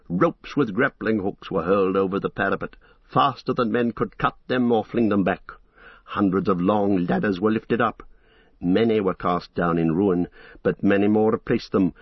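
A man with a low voice reads a story aloud, steady and measured. The recording sounds dull and lo-fi, with a dry, close sound and no room echo. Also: breathy edge. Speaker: narrator. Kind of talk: storybook reading.

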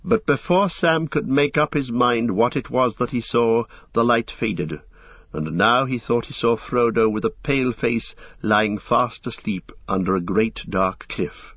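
A man narrating a storybook with steady, even reading, on a dull lo-fi recording. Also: mid-range voice, unhurried, slightly rough, dry recording. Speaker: audiobook narrator.

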